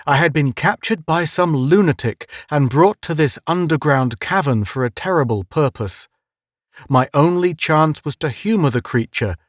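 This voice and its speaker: A man reading a suspense tale aloud in a measured, dramatic storytelling voice of middling pitch. The sound is close and dry, with no room echo. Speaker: audiobook narrator. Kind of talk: scripted first-person narration.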